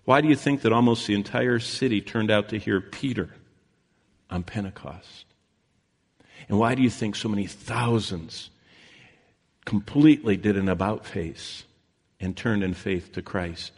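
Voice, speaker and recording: A male preacher delivering a sermon as dramatic storytelling, rising loud and then dropping to a hush. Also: lowish voice, normal speed, in a large hall.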